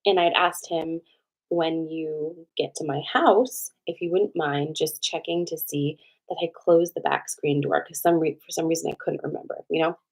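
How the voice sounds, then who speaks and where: A woman host telling a personal story to viewers in a casual, animated way, with a lot of swearing and "like" fillers. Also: sits low, moderate pace.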